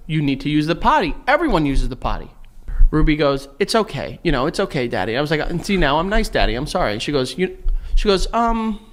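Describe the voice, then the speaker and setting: A man in his thirties co-hosting a podcast, telling animated stories and acting out the quotes between bursts of laughter. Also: on the high side, quick pace. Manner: animated, laughing storyteller who voices quotes. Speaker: podcast co-host. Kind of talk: animated storytelling chat.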